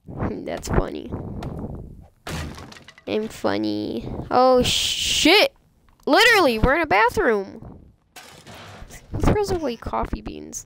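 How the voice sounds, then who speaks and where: A woman doing live gameplay commentary, goofy and excitable, often squealing and laughing at her own jokes. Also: high voice, takes it slowly, vocal fry, long pauses, noisy background. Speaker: game streamer.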